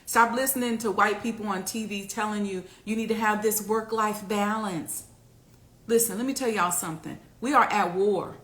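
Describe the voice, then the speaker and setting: A woman hosting a casual talk to camera, preaching and rallying her viewers with loud, repeated exhortations. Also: medium pitch, normal speed, echoey room. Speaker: host.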